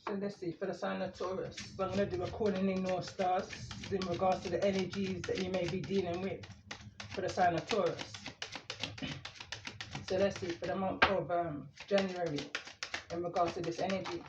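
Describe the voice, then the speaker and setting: High, flat-voiced man reading tarot. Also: normal speed, noisy background. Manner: calm, meandering, reading cards aloud. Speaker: tarot reader. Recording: echoey room, muffled lo-fi sound.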